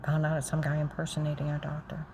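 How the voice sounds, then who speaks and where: A woman telling a long, rambling, agitated story about her own grievances, repeating herself and acting out other people's shouting. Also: deep voice, completely flat delivery, fast talker, a little hiss or hum, poor audio. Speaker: storyteller recounting personal grievances. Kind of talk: rambling personal monologue.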